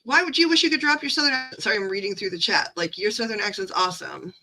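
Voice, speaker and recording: A woman's voice: medium pitch, animated, fast, gravelly, sharp tone, rough recording. A woman with a Midwestern accent, chatting casually on a livestream, rambling through stories with lots of fillers and asides. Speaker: livestream card reader.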